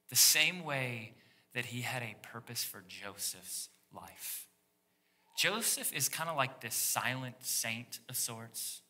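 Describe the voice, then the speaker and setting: Male pastor, very bright ringing tone, lively sermon delivery that sinks to a hush for emphasis, speaks to the congregation directly. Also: mid-range voice, breathy edge. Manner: animated, dropping to a hushed near-whisper for emphasis.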